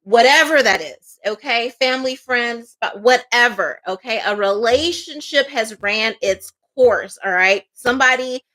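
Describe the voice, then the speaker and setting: A woman's voice: fairly high pitch, a little slow, few pauses, sharp tone. A woman giving a casual tarot reading, talking in a loose, chatty storytelling way with many fillers and asides. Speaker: tarot reader.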